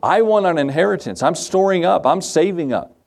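Man, pastor, sermon, emphatic, rhetorical questions, higher-pitched voice. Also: animated, brisk, creaky, a little mellow. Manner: emphatic, asks and answers his own questions.

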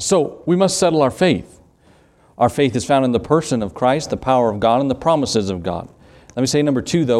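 A middle-aged man with a Southern US accent preaching a sermon in an earnest, conversational way, with quick asides to the congregation. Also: medium pitch, a little mellow. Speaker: pastor.

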